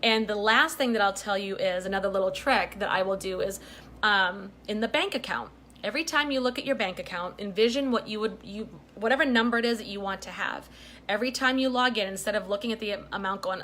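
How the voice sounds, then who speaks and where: A woman's voice: mid-range voice, brisk, bright, forceful tone, slight background noise. A middle-aged woman talking straight to her viewers in a chatty, emphatic way, often checking in with "okay?" and "right?". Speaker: vlogger giving life advice. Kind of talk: casual direct-to-camera advice.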